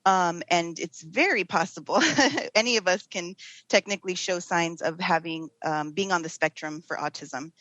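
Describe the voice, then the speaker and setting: A woman's voice: fairly low pitch, dry recording, low-quality recording. Candid woman guest telling her story. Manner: candid, rambling, warm laughter between thoughts. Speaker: guest, TV producer and mother. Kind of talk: casual interview chat.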